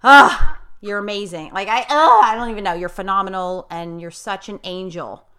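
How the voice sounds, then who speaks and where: A woman's voice: mid-range voice, moderate pace, pushed and bright. A middle-aged woman life coach hosting a podcast interview, talking bluntly and effusively.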